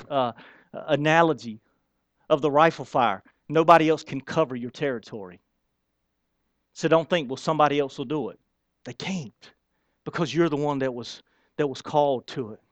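Folksy preaching man, slightly high voice. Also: dry recording. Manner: folksy, emphatic preaching with casual slang. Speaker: pastor. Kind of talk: sermon.

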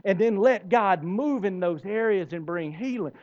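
A man's voice: high voice, lively intonation, normal speed, darkish tone, lo-fi sound. A man preaching a sermon as pastor, emphatic, with rising bursts and repeated words.

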